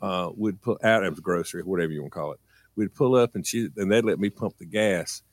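A man co-hosting a morning radio show, telling rambling stories in a casual, animated way and often restarting his sentences. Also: low-pitched, a little fast, no echo, studio quality. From rural countryside.

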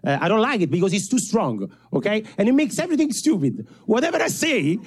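A man from Italy with a strong Italian accent, performing an animated, self-mocking stand-up comedy set on stage before a live audience. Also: high voice, fast talker, husky.

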